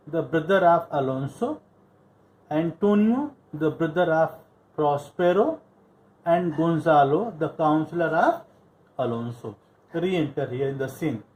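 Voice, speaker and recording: A man's voice: on the high side, darkish tone, poor audio. A male English literature teacher explaining a play line by line, patiently repeating and paraphrasing each line.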